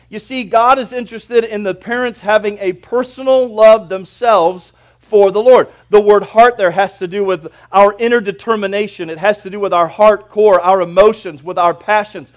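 A man delivers a sermon from the pulpit in a fairly high voice. He preaches emphatically, swelling loud on key points and dropping almost to a murmur elsewhere. His delivery is earnest and driving. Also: moderate pace. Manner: preachy, emphatic, dramatic swings in loudness. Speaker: pastor.

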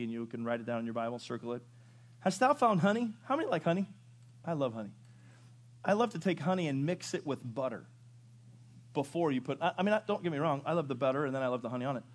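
A man preaching a sermon, moving from loud rising questions to low quiet asides. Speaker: pastor. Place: church sanctuary.

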